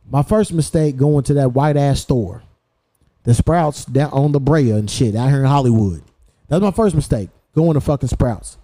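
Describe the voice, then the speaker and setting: Profane, heated young man, mellow voice. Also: medium pitch. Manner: profane, heated storytelling with laughs. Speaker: podcast host. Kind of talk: casual storytelling chat.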